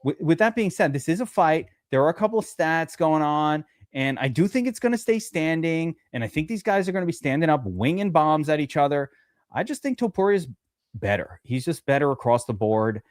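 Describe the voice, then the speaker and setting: A man talking fantasy sports on a casual podcast, animated and joking, swearing freely. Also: a little high, brisk, no echo, studio quality.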